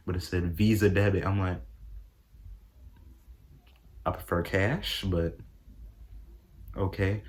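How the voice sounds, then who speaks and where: A young man talking casually to his camera in a vlog, with a fairly low voice. He retells his day with plenty of animation and keeps leaping up high when he acts out his own reactions. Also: fairly even intonation, slow pace, pauses often. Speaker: vlogger.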